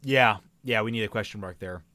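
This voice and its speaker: A man co-hosting a stream, reading fan writing aloud and critiquing it in halting, casual talk. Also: lowish voice, dry recording. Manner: halting, many restarts, lively when reading quotes.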